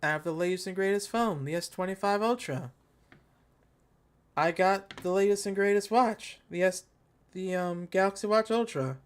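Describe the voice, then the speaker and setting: A man with a high, clean-toned voice speaks at a moderate pace as he hosts a tech channel. He gives live commentary on a product event, ranting casually in slang, joking, mocking things in an exaggerated way, and talking to his chat.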